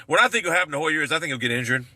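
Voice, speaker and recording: Male vlogger, brash profane sports rant, sharp forceful voice. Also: very fast, no room sound. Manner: brash, swearing, lively pitch swings.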